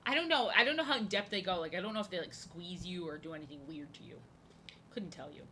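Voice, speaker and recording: Bright-voiced woman chatting on stream. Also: lowish voice, quick pace, a little hiss or hum. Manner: rambling and jokey, repeats phrases. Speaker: live-streaming artist. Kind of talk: casual chat while drawing on stream.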